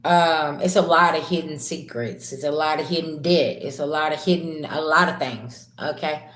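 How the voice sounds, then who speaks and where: A woman reading tarot on a live stream, slangy and chatty, calling her viewers "babies" and swinging from low murmurs to loud, excited bursts. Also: moderate pace. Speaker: tarot reader. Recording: roomy echo.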